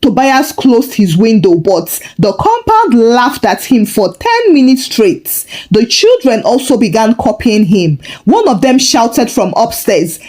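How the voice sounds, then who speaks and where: A woman storyteller narrates a folktale with lively, expressive delivery. Her voice sits on the high side and her pitch moves a great deal. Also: unhurried, hardly any pauses.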